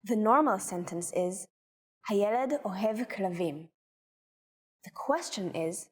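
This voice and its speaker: A woman teacher calmly demonstrating example sentences in a lesson, speaking carefully. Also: medium pitch, in a large hall. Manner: calm, careful, slow example phrasing. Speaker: language teacher.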